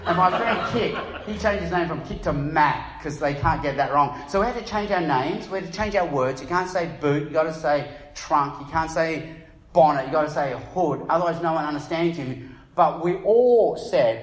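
A middle-aged Australian man preaching a sermon, telling stories with lively acted-out voices. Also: on the high side, fairly quick. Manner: animated storytelling, acts out voices in anecdotes. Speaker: pastor. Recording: echoey room.

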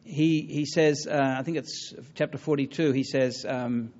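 A man giving a public talk on religion and taking audience questions, earnest and halting, with many fillers and restarts. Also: medium pitch, fairly even intonation, a little mellow, muffled recording. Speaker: lecturer on religion.

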